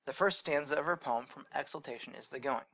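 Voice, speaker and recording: A man teaching a recorded lecture, explaining in a measured way and correcting his own slips as he goes. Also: mid-range voice, pushed and bright, highs cut off.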